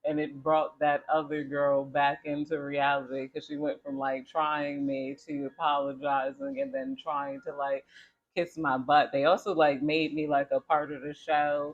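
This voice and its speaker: Chatty man with a higher voice, dull lo-fi audio. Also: fairly even intonation, moderate pace. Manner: chatty, laughs often, tells a personal story. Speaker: tarot reader. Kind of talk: casual tarot reading.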